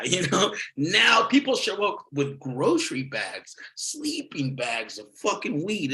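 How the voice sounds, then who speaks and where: A man's voice: mid-range voice, big pitch swings, unhurried, pushed and bright, poor audio. A man doing a stand-up set over a video call, rambling, swearing often and laughing at his own jokes. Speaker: stand-up comedian.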